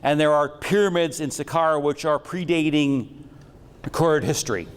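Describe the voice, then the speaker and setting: A man's voice: on the high side, moderate pace, clean tone, big-room sound. A man giving a lecture with slides on metaphysics, talking in a rambling, jokey and irreverent way.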